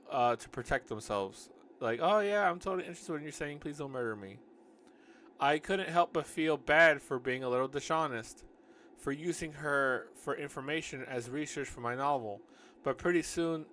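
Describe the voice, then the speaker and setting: A man's voice: a little high, fairly bright tone, a little hiss or hum. Joking man reading his own novel. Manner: breaks off to mock and argue with his own text; loose, joking, self-correcting. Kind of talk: casual reading with running asides.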